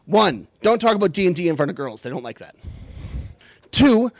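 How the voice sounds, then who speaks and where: A man telling a comic personal story in a self-deprecating, animated way, building toward punchlines. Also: sits high, moderate pace, no echo.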